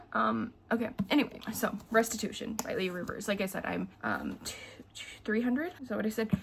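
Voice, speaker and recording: A woman's voice: fairly high pitch, normal speed, vocal fry, fairly bright tone, slight background noise. A young woman chatting casually in a book vlog, emotional and teary, rambling with lots of fillers. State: teary from crying. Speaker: book vlogger.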